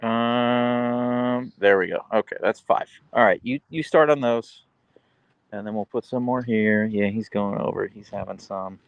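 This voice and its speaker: A man's voice: mid-range voice, unhurried, clean tone, no room sound, muffled recording. A man hosting a casual livestream, chatting easily as he reads out and answers viewer comments about his dogs. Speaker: livestream host and dog owner.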